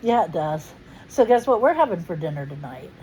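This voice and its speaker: A woman's voice: on the low side, very animated, brisk, dark tone, a little hiss or hum, low-quality recording. A middle-aged woman hosting a casual family chat at home, chatty and playful with frequent laughs. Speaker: host.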